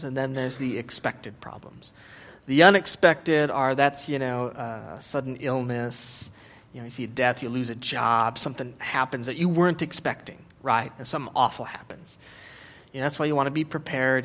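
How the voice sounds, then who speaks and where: A middle-aged man preaching a sermon as a pastor, animated and joking, acting out voices as he goes. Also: mid-range voice.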